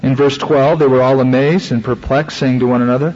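A man's voice: medium pitch, steady tone, fairly quick, a little mellow, big-room sound, slight background noise. A man preacher giving a conversational sermon that acts out Bible stories, on a dull lo-fi radio recording.

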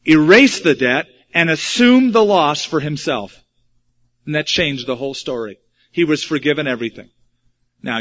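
A pastor preaching an expository sermon and reading scripture, with wry asides. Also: male voice, on the high side, fairly bright tone. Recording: dull lo-fi recording.

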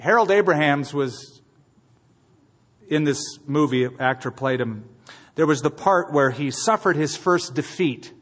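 Husky preaching man in a reverberant hall. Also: fairly high pitch, expressive, unhurried. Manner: emphatic preaching, swings from quiet to loud. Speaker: pastor. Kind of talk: sermon with closing prayer.

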